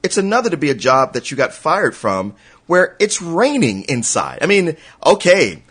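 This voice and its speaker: A man co-hosting a casual film review chat, making quick asides and laughing along. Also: on the high side, huge pitch swings, fairly bright tone, slightly rough. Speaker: podcast co-host.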